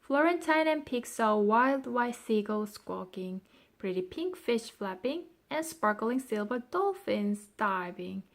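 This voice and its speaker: Storybook narrator, woman, slow, unhurried, expressive read with soft whispers. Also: mid-range voice, vocal fry. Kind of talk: scripted narration.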